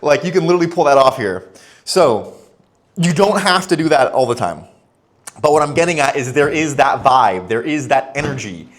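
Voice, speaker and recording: Young man, casual vlog talk, chatty, conversational, mid pitch, acts out quick dialogues. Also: animated. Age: young adult. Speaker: expat vlogger.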